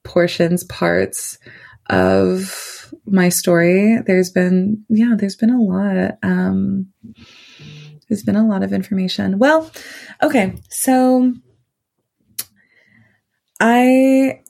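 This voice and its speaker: A woman's voice: mid-range voice, fairly even intonation, drawn-out words, creaky, long pauses, darkish tone. A woman guest on a podcast, telling a personal story in a loose, rambling way full of fillers.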